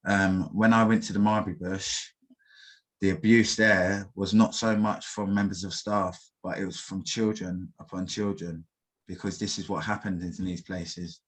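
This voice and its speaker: A young man recounts his past in an interview. His voice sits low and stays flat. He talks haltingly, full of fillers and restarts. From England. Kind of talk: personal testimony in an interview.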